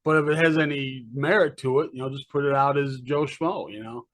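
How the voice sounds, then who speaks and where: A man's voice: mid-range voice, a little fast. A man co-hosting a podcast in casual chat, questioning and opinionated. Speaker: podcast co-host.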